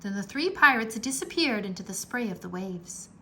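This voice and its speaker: A woman reading a children's book aloud in a slow, animated storytelling manner, with a gravelly edge. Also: mid-range voice. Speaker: read-aloud narrator.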